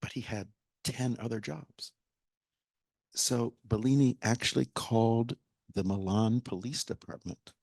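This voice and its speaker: In a library event hall with a live audience, a guest speaker and theater director brings a story to life, acting out quoted lines and at moments going almost to a whisper. His medium-pitched voice is gravelly with a darkish tone, and there's no echo.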